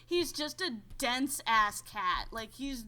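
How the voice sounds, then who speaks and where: A woman's voice: on the high side, sing-song, slow, over a noisy crowd. A young woman co-hosting a podcast, chatting casually in a rambling, giggly way with lots of "like". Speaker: podcast co-host. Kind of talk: casual chat.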